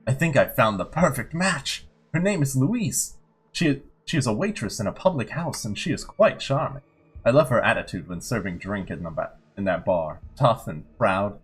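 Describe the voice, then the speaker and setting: A man reading aloud the diary of an obsessive vampire, in a low, deliberate voice. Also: expressive, slightly rough.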